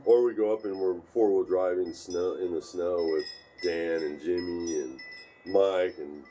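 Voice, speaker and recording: A man telling rambling stories at home in a casual chat, jumping into higher voices when he quotes his friends. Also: steady tone, measured pace, background noise.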